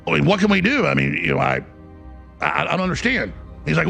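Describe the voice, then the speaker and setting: A middle-aged man with a gravelly, raspy voice dramatically retells a dispute, mimicking the other person. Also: fairly high pitch, expressive, fast, pauses often, bright, forceful tone, soft background music. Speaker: show host recounting a dispute. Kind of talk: heated monologue clip.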